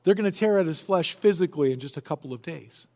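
A man with a fairly high voice for his sex, this pastor talks fast through a spirited sermon, cracking jokes while retelling the scene. His animated, humorous delivery rings out with the long reverb of a large church hall.

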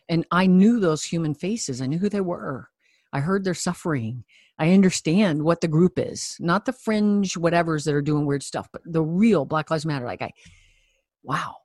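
A coach telling a personal story to explain a point, talking in an earnest, reflective way with pauses and soft sighs. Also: medium pitch, lively intonation, no echo, studio quality. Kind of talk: conversational teaching with personal story.

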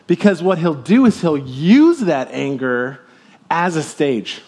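Middle-aged man, pastor, slightly high voice; casual, jokey sermon delivery with big swings in volume. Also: slow pace. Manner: conversational, jokey preaching with lively swings in loudness and pitch.

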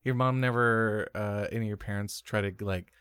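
A man's voice: fairly low pitch, steady tone, moderate pace, fairly bright tone, smooth, no room sound, studio quality. A man hosting a casual interview, teasing his guest and laughing easily. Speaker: podcast host.

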